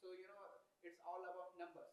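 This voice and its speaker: A man's voice: high voice, little pitch movement, a little fast. An audience member, a man, asking a hesitant question with many fillers, heard faintly from far off the mic.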